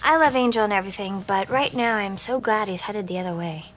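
A woman's voice: medium pitch, fast, a bit bright, lightly acted. An actress playing a sarcastic young woman who mockingly imitates a brooding man in a TV drama. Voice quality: mocking, sing-song delivery. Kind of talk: TV drama acting.

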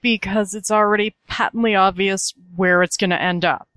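Female co-host, opinionated easy chat, mid pitch, dry recording. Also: steady tone, moderate pace, a bit bright, no room sound. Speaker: podcast co-host. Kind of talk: casual chat.

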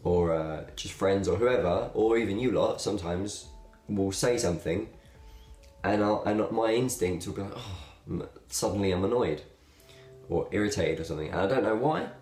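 A man's voice: deep voice, moderate pace. A young man, talking casually and thoughtfully to his camera as a video blogger, rambling a little with fillers. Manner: relaxed, rambling, with fillers and laughs. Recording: echoey room.

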